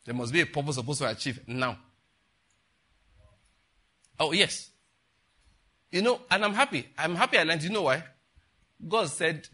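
Older pastor, bright and husky; conversational sermon with many asides. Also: male voice, a little high, lively intonation, moderate pace, pauses often. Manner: conversational preaching with rhetorical questions and asides.

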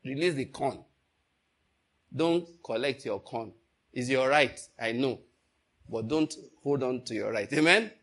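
A man's voice: mid-range voice, unhurried, pauses often. An older man preaching a sermon, telling a story and calling out questions to the congregation. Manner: storytelling, animated, calls out to the congregation.

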